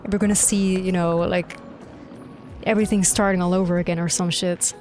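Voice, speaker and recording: A young woman streamer reacting live to a game, excitable and gushing, swearing freely. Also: lowish voice, brisk. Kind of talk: live gameplay reaction commentary. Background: faint game music.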